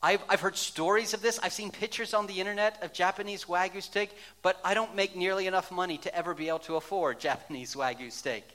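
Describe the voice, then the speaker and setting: A man preaching a sermon, telling a story in a lively way and later speaking in a soft, hushed tone. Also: sits high, fast talker, hardly any pauses. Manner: animated storytelling, dropping to a hushed, soft delivery toward the close. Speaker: pastor.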